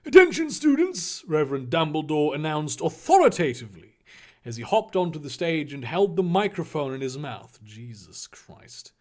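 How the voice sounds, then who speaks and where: A man's voice: a little high, animated, normal speed, darkish tone. A man reading fan fiction aloud with sarcastic, swearing asides. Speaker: reader.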